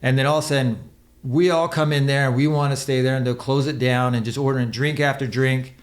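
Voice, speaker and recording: A man's voice: medium pitch, steady tone, fast talker. A man who is a podcast guest and former motocross racer, telling a long, rambling, profane story in casual chat and acting out the quotes.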